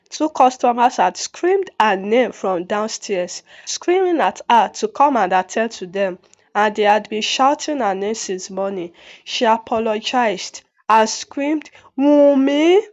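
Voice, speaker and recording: A woman narrates a folktale in a steady, even reading manner. Her voice sits fairly high. The recording is dull and lo-fi, as if slightly muffled. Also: a little slow. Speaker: storyteller.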